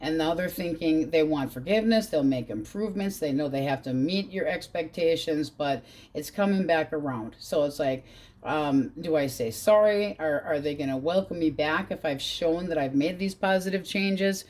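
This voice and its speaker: Woman, low voice, casual tarot reader, blunt and profane. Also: moderate pace, a little mellow. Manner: blunt, swears freely, quotes in exaggerated voices.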